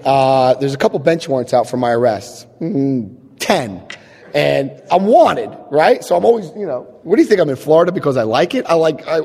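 Animated, self-mocking man in an echoing hall. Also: gravelly, breathy edge. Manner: animated and self-mocking, jumps into high yelps for his own past self. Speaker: speaker sharing a recovery story. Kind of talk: storytelling to an audience. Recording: long hall reverb.

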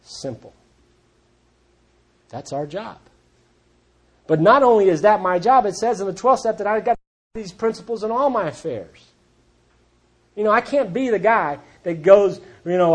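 A man's voice: sits high, lively intonation, unhurried, long pauses, husky. A man speaking to a recovery group, telling stories in a plainspoken, folksy and blunt way. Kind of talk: storytelling talk to a recovery group.

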